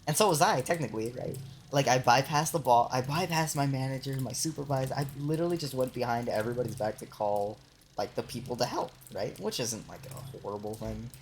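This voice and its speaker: A woman's voice: very deep voice, slight background noise. A young woman streamer chatting casually while gaming, telling a rambling work story full of swearing and laughter.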